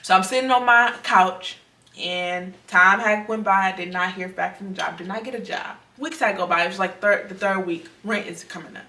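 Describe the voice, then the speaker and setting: Young woman sharing her testimony, bright tone, kinda echoey and far from the mic. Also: medium pitch, moderate pace. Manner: earnest, conversational, repeats herself. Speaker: person sharing a faith testimony. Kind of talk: personal testimony storytelling. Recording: roomy sound, mic at a distance.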